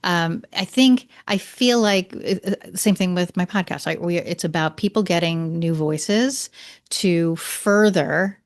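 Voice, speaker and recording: A middle-aged woman hosts a podcast, speaking in a slightly low voice. She sounds reflective and easygoing, working through her thoughts as she asks questions. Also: unhurried. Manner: reflective, thinks aloud. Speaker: podcast host. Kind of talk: casual podcast interview.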